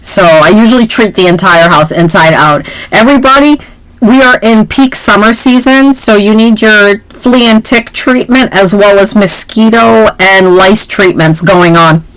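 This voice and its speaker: A woman's voice: medium pitch, unhurried, fairly bright tone, low-quality recording. Chatty woman co-host. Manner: chatty, rambling, laughs often. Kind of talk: casual chat.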